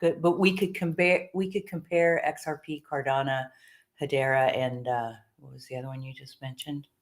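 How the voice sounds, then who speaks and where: A woman's voice: rumbling low, steady tone, normal speed. A woman co-hosting a live stream in casual chat, chatty and giggly, often repeating herself. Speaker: co-host.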